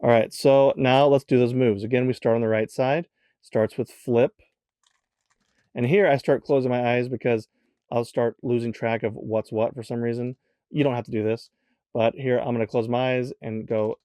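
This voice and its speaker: A man's voice: medium pitch, steady tone, normal speed, dark tone, clear, resonant tone, no echo. A man hosting a step-by-step puzzle tutorial in a casual way, counting the moves aloud as he demonstrates them. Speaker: tutorial host.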